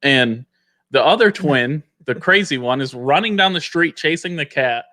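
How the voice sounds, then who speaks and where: Bright-voiced man telling rambling stories. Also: on the high side, animated, moderate pace, no echo, studio quality. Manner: rambling, full of "like" and restarts. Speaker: podcast guest. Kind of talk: casual storytelling.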